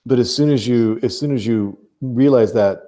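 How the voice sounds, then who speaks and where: A man narrating as game master of a tabletop game, measured and dotted with fillers. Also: medium pitch, warm tone.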